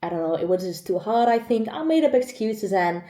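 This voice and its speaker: A woman's voice: mid-range voice, lively intonation, brisk, warm tone, reverberant. A woman in her twenties opening up in a candid vlog, chatty and emotional, close to tears at times. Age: 20s. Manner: emotional, chatty, laughs often. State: choked up, on the edge of tears. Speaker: vlogger. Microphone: camera mic.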